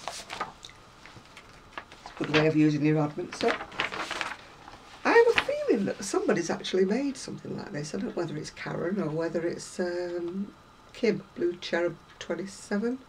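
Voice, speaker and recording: A woman's voice: lowish voice, sing-song, normal speed, long pauses, noisy background. A woman chatting casually to viewers about craft magazines, rambling and self-deprecating, a little unwell. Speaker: craft vlogger.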